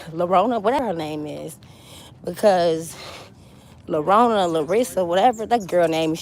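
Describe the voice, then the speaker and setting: Woman doing a gossip rant, blunt and mocking, curses a lot, faint hiss. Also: fairly low pitch. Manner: blunt, mocking, swears freely. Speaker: gossip commentator. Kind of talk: casual gossip commentary.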